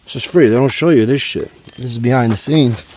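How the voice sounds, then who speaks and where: Against a noisy background, a fairly quick, medium-pitched man in his forties works on his car, changing the oil outdoors at home. As a DIY car vlogger, he tells a casual story that's profane, jokey, rambling, and animated.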